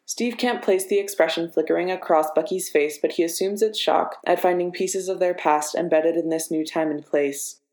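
A woman narrating a story in a steady, measured reading voice. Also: fairly low pitch. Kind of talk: audiobook narration of fiction. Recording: echoey room.

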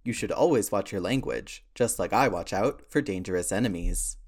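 A man reading a raspy deadpan teen girl. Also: lowish voice, normal speed. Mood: flat.

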